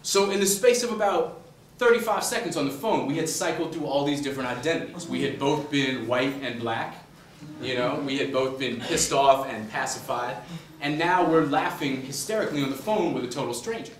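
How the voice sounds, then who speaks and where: Animated man telling stories in an echoey classroom. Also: medium pitch, fairly quick, slight background noise. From suburbs of Boston, US. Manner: animated, conversational, many fillers. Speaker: author speaking to a class. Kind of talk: humorous storytelling lecture. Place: university classroom. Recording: echoey room, distant mic, faint ambience.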